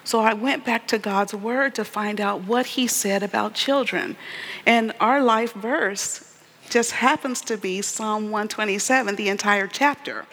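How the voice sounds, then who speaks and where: A woman's voice: medium pitch, a little slow, a bit bright. A woman giving an earnest, preacherly testimony, calling out to her audience for responses. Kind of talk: sermon-style testimony. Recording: long hall reverb.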